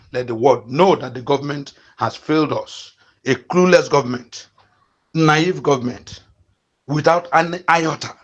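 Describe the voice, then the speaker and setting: A Nigerian man in his fifties delivers fired-up political commentary as a channel host, at an ordinary mid pitch for a man. He hammers his points through repetition and stumbles into fillers as he pushes on. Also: lo-fi sound. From eastern Nigeria. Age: 50s. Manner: fiery, repetitive rallying calls with frequent fillers.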